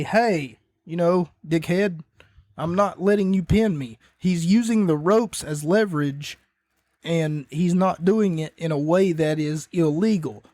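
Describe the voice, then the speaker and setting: A man's voice: a little high, darkish tone, no echo, clean studio sound. A man hosting a podcast, casually recapping wrestling in a rambling way, often correcting himself and coughing between points. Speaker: podcast host.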